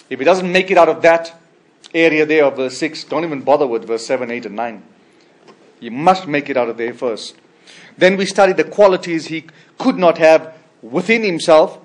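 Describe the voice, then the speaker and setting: Male pastor, somewhat high-pitched, preaching emphatically; swings between loud high peaks and quiet trailing ends. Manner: frequent restarts and repeated words. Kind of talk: expository sermon.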